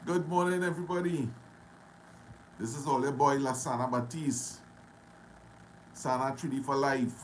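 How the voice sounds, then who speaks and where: A man with a Trinidadian accent hosting a casual live stream, greeting viewers one by one and talking loudly. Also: mid-range voice, steady tone, normal speed, pauses often, a little hiss or hum, rough recording. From Trinidad and Tobago. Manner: greets viewers by name, loud and friendly. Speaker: livestream host.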